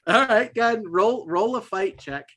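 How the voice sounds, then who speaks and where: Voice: mid-range voice, brisk, fairly bright tone. A game master running a tabletop game in a casual, laid-back way, with lots of fillers.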